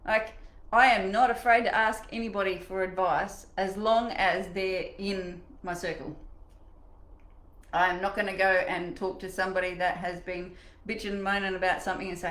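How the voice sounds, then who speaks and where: A middle-aged woman leading a live online coaching session in a chatty, animated way, acting out the voices in her head. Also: medium pitch, normal speed, reverberant, poor audio. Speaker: mindset coach.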